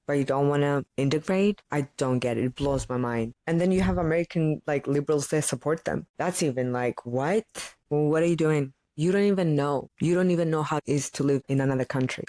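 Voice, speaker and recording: Woman podcast host from Greece, thirties, native Greek speaker; animated and opinionated; dry recording. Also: deep voice, dry recording. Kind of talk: solo podcast monologue.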